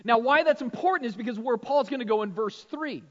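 A man delivers a sermon with a notably high pitch, talking conversationally to his congregation. He keeps adding "right?" to draw the room in. The sound is dull and lo-fi, and it echoes in a large hall. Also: a little fast. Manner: conversational, frequent "right?" tag questions. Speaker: pastor. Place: church sanctuary.

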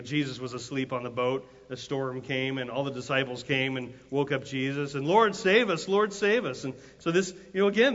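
A man of middle pitch preaching a sermon in a large church hall, with the sound trailing off in a long reverb. He talks in a loose, conversational way and often restarts his sentences. Then he builds to loud, impassioned cries, and the recording sounds dull and muffled. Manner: conversational storytelling with frequent restarts, rising to emphatic cries. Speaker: pastor.

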